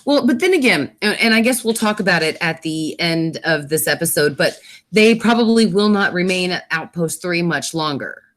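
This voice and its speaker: A woman's voice: on the low side, lively intonation, normal speed. A woman hosting a casual episode review, recapping the plot with many fillers and self-corrections. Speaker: host.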